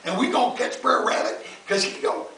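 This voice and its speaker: A man voicing a sly, scheming male fox who grows impatient, in a high, excited drawl. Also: brisk, exaggerated voice. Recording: distant echoey noisy home recording.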